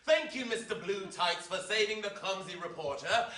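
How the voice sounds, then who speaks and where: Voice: medium pitch, moderate pace, bright, forceful tone, natural voice. An actor playing a boastful, grandiose male tycoon villain who laughs often, performed live on stage. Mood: smug. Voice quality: frequent showy laughter. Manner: smooth, grandiose showman. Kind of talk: live stage comedy acting. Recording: echoey hall from far off.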